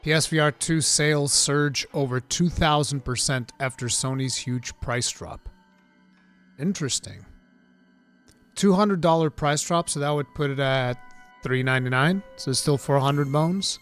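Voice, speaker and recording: A man hosts a live gaming stream, chatting casually and answering viewers in an excitable, rambling manner. His voice sits a bit higher than most men's, and faint music plays underneath. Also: unhurried, clean tone. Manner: animated, excitable, rambling with restarts. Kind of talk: casual gaming talk, reading chat.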